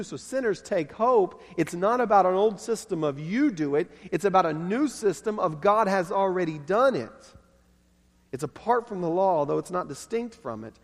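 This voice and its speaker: A man preaching a sermon as pastor, emphatic and repeating key phrases for stress. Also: high-pitched. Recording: long hall reverb.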